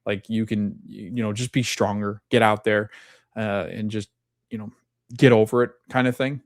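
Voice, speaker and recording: A man's voice: on the low side, fairly even intonation, moderate pace, no echo, studio quality. A young adult man hosting a podcast, rambling through a casual TV recap with lots of fillers. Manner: rambling, filler-heavy retelling. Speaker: podcast host.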